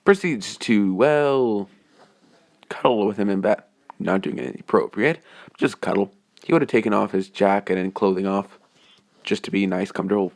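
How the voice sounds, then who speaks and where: A man's voice: lowish voice, normal speed, creaky. A man narrating a fan story off the cuff, rambling with many hesitant restarts. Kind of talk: improvised fan story reading.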